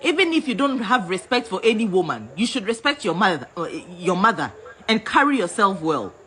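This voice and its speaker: A woman's voice: medium pitch, very animated, fairly quick, a bit bright, slight background noise. A Ghanaian woman in a heated rant, scolding and repeating herself as she switches between English and Twi. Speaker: vlogger.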